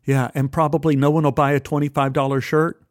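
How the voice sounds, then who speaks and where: A man voicing his own fifteen-year-old self, a frantic boy in a storytelling piece, in a shrill, panicky voice. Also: level tone, brisk, dry recording, clean studio sound, lightly acted. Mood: worried.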